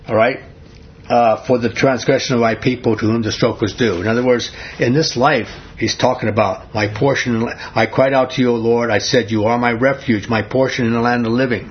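Man, Bible study teacher, husky voice, reads scripture, quizzes the group, muffled lo-fi sound. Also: mid-range voice. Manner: asks the group questions and reads scripture aloud. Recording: dull lo-fi recording.

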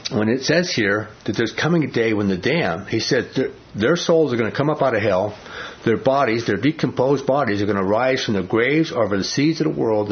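A man leading an informal Bible study, talking conversationally and often asking the class questions. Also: mid-range voice. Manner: conversational, asks the class questions, many fillers. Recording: dull lo-fi recording.

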